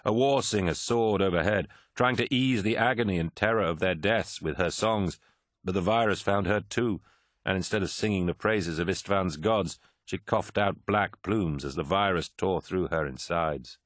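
A man reading a war story aloud as an audiobook narrator, in a grave, measured way. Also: deep voice, dry recording, studio quality.

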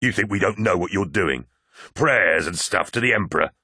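A man's voice: sits low, lively intonation, normal speed, bright, forceful tone, husky, no room sound, clean studio sound, exaggerated voice. A man voicing a brutish, thick-necked soldier who snarls contemptuously in an audiobook. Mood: snarling. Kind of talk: audiobook character voice.

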